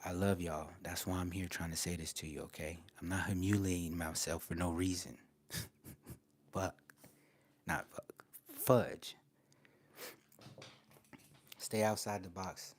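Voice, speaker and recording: A man hosting a casual livestream, talking to his chat in a laid-back, slangy way and getting animated at times. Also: deep voice, normal speed, a little hiss or hum. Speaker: livestream host.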